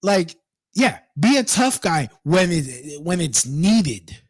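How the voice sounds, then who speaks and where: A man's voice: on the high side, sing-song, slow, no room sound. A man reading a news story aloud and ranting about it, profane and indignant, breaking off to mock the people in it. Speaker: online commentator.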